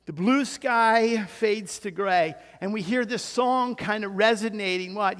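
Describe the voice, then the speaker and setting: A man's voice: sits high, expressive, a little slow, hardly any pauses, fairly bright tone. A man preaching an expository sermon, emphatic and given to rhetorical questions and repeated words. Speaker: pastor. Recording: long hall reverb.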